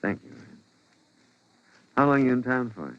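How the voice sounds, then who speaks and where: An actor playing a harried husband who turns into a cold killer in a 1940s radio drama, speaking curtly and tensely. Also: male voice, medium pitch, sing-song, moderate pace, close to an everyday voice. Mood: friendly. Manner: tense, curt, coldly resolute. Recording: lo-fi old radio broadcast.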